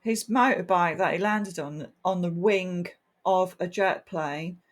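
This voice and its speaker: A woman's voice: fairly low pitch, unhurried. A woman co-hosting a casual film-review podcast, wry and blunt, swearing casually. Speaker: podcast co-host.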